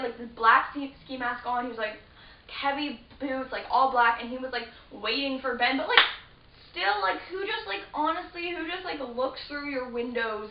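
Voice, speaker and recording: A teenage girl with a fairly high voice rambles through a story, stacking fillers and restarting her sentences. She sits some way from the mic in a roomy space. The sound is dull and lo-fi under a faint hiss. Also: distant mic. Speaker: vlogger. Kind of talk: casual storytelling to camera.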